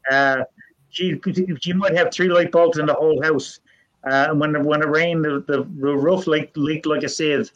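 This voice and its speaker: An older man, telling family ghost stories in a folksy, earnest way with halting restarts. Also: on the high side, steady tone, fairly bright tone. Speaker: storyteller guest. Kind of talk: casual storytelling. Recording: dull lo-fi sound.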